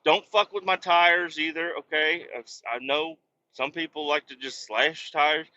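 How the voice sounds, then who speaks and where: A man rambling and cursing in a casual monologue while driving his truck down the highway, with sudden loud outbursts. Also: steady tone, a little slow, lo-fi sound. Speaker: podcast host.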